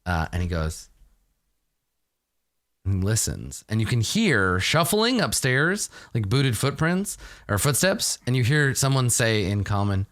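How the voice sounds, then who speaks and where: A man running a tabletop game as its game master, loose and chatty and quick to laugh. His pitch swings widely as he narrates. His tone is bright and forward. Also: very animated.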